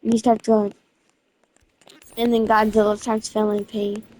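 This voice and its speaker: A woman narrating a game event in a casual, excited, slangy way, restarting her sentences again and again. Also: on the high side, measured pace. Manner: rambling storytelling with constant restarts. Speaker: gaming video creator.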